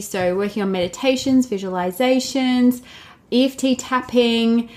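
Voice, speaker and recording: A woman, hosting a casual solo podcast in a chatty, upbeat way full of "like" and "babes". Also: mid-range voice. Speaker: podcast host.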